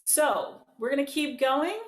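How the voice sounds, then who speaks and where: A woman's voice: high voice, unhurried. A woman voice teacher leading an online group lesson, upbeat and encouraging, talking to people in the chat. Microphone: video call. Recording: echoey room with keyboard.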